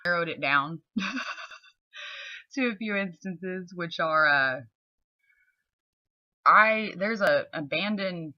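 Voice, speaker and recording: A young model and vlogger from the southern United States talks casually to camera from her floor at home, speaking in a Southern accent, bluntly and with lots of fillers. She has a deep voice and speaks slowly with long pauses, and the audio is dull with no room sound.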